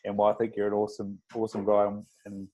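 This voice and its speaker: Flat-voiced, hesitant podcast host man. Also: on the low side, fast talker, dull audio. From outside Australia. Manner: warm, hesitant, repeats words. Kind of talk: casual chat.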